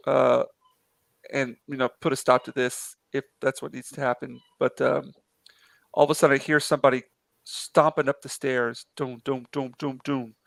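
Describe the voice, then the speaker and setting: Guy on a stream telling a story, kinda gravelly voice, lots of ums, dry sound. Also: mid-range voice, a bit bright, no room sound. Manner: rambling with many fillers and restarts. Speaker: live-stream artist chatting with a viewer. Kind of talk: casual chat, storytelling. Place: apartment in a city.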